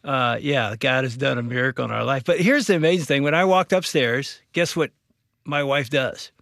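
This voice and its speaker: A man in his sixties, a co-host telling a story in conversation, animated and self-mocking. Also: medium pitch, normal speed, creaky, no room sound, studio quality.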